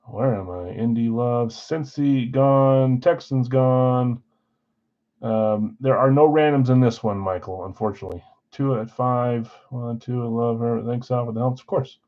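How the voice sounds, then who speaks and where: His voice mid-range and warm, a man speaks a little slowly as he hosts a live card break, going through names and team picks in an easygoing roll-call with mumbled asides. The highs in the audio are cut off.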